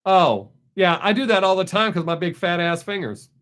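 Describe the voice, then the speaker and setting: A man's voice: high-pitched, animated, moderate pace, fairly bright tone. Blunt man hosting a live stream. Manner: blunt and opinionated, answering chat comments directly. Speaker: live-stream host reading viewer comments. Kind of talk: casual live-stream chat.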